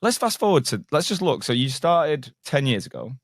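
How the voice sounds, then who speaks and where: A man's voice: a little high, very animated, normal speed, no echo, studio quality. A man from England hosting a podcast, chatting casually and telling stories full of banter and swearing. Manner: swears freely, banter-heavy storytelling. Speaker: podcast host. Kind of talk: casual interview chat.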